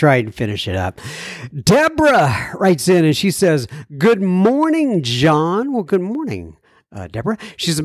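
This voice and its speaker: A podcast host on a recovery show casually reads listener mail aloud, drifting into rambling asides, fillers and small self-deprecating jokes. He has a medium-pitched voice in a dry, studio-quality recording.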